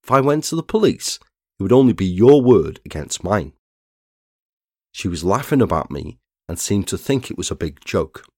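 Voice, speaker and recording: A man, narrating a true crime story in a measured scripted read. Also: low-pitched, big pitch swings, slightly rough, dry recording, studio quality. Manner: measured, reads statements aloud plainly.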